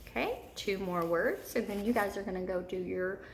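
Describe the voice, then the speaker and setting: A woman teacher giving a slow, repetitive recorded video lesson to third graders. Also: mid-range voice, vocal fry, echoey room, slight background noise.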